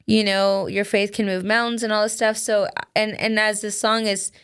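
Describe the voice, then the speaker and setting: A woman's voice: medium pitch, flat delivery, moderate pace, fairly bright tone, clear, resonant tone. A woman co-hosting a casual chat, telling an emotional story with many "like"s and restarts. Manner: emotional, filler-heavy with many "like"s. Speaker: podcast co-host.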